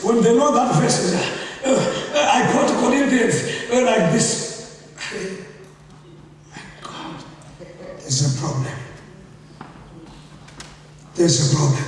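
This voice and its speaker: A man preaching a sermon, his very high voice rising and falling widely and pulling call-and-response from his listeners. He sets a slow, deliberate pace and bursts into shouts, and the sound comes from a distance in a long, echoing hall. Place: church hall. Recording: echoey hall, far from the mic.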